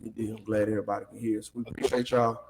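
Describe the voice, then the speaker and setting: Fast-talking man hosting. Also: on the low side, flat delivery, gravelly, darkish tone, husky, poor audio. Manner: upbeat, welcoming, quick-talking. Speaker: host. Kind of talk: live show chat.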